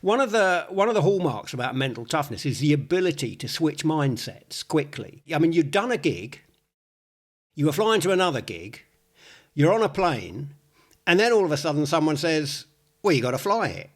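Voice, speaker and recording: A man hosts a psychology podcast and talks his ideas through thoughtfully. His voice is a little higher than most men's. He speaks in an easygoing, conversational way. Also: big pitch swings, moderate pace. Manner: thoughtful, explaining at length. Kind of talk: casual conversation.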